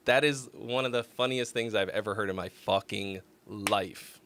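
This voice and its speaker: A man's voice: medium pitch, fairly even intonation, moderate pace, few pauses, a bit bright, no echo. A man hosting a casual music critique livestream, rambling and laughing as he thinks aloud. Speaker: host.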